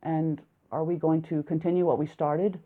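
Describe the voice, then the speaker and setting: A calm, measured male village doctor asks his questions slowly in an audiobook, read by a woman slightly lower than her usual voice. The sound is thin and tinny, like a phone line.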